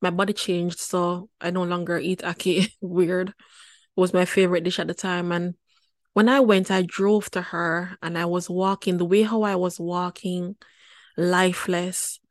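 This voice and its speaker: A woman, hosting a wellness show and telling a personal story in a lively, chatty way with frequent laughter. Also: on the low side, a little slow, dry recording, studio quality. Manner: lively, chatty, laughs often, repeats words for emphasis.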